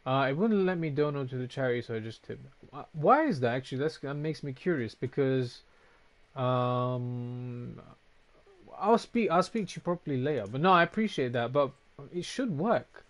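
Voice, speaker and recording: A man streams a game and chats casually with viewers, reading out and answering their comments while swearing frequently. His mid-range voice is animated and moves at normal speed.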